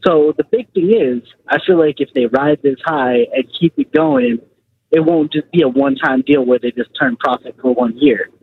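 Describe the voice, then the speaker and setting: Gravelly male caller on a phone line. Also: on the high side, animated, normal speed. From California. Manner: earnest, repeats his points. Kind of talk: call-in radio talk.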